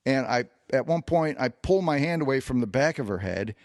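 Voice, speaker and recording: A man's voice: mid-range voice, normal speed, few pauses, dry recording, studio quality. A man co-hosting a podcast, recounting a long personal anecdote in a casual storytelling way, with plenty of fillers and restarts. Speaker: podcast co-host.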